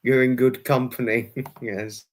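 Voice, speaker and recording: A man with a voice of middle pitch hosts a livestream and chats with his viewers. He is friendly and repetitive, and he fills his talk with ums and restarts. He reads the chat aloud and answers each viewer in turn. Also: little pitch movement, unhurried. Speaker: livestream host reading chat.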